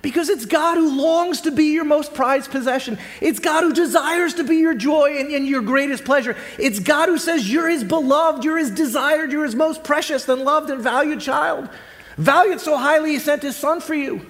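A man's voice: very high voice, moderate pace. A man preaching a sermon as a pastor, earnest and conversational, asking his listeners rhetorical questions. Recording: long reverb of a large hall.

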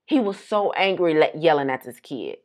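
A woman, co-hosting a casual chat and telling animated stories. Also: deep voice, moderate pace. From Detroit. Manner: animated storytelling, acts out quotes. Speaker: podcast co-host.

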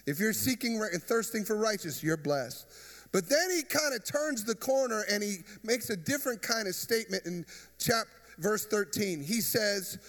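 High-voiced pastor in a reverberant hall. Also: male voice, moderate pace, fairly bright tone. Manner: conversational preaching with jokes and crowd questions. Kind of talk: sermon. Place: church.

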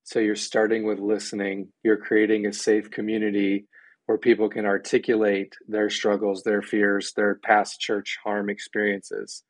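A man's voice: lowish voice, monotone, moderate pace, no room sound. A man being interviewed as a guest on a podcast, speaking with enthusiasm and often acting out the voices of people he quotes. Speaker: podcast guest, church ministry director. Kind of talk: conversational interview.

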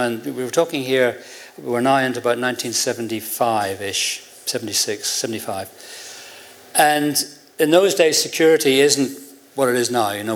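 An older Irishman telling a story to a room, lively and amused, slipping into other people's voices as he quotes them. His pitch sits in an ordinary middle range for a man. His telling is relaxed and full of chuckles. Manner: animated, acts out quoted voices with a laugh in his voice. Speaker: interview guest. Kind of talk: anecdotal storytelling before an audience.

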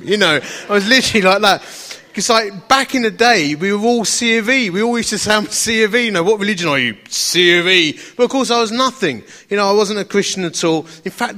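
Casting: middle-aged man, high voice, slight lisp, enthusiastic storytelling preacher. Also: pushed and bright. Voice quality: slight lisp on some words. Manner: storytelling, enthusiastic, chatty with laughs. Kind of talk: sermon.

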